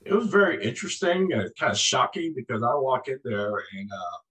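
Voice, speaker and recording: A man in his sixties, a former Marine guest, telling stories in a lively, conversational way and acting out the voices in his anecdotes. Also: medium pitch, a little fast, rough recording. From United States. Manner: animated storyteller, acts out voices in anecdotes. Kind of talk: conversational storytelling.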